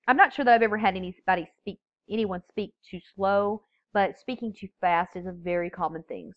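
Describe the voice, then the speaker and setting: A woman teaching a recorded public speaking lecture, explaining terms in a steady, explanatory way. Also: mid-range voice, dry recording, lo-fi sound. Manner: explanatory, steady teaching delivery with occasional restarts.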